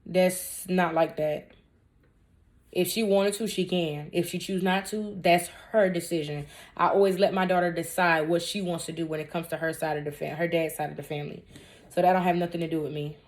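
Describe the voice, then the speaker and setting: A woman's voice: fairly low pitch, steady tone, a little fast. A woman in her twenties, a vlogger answering viewer questions in a casual storytime Q&A, candid and emphatic, with blunt talk and joking asides. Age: 20s.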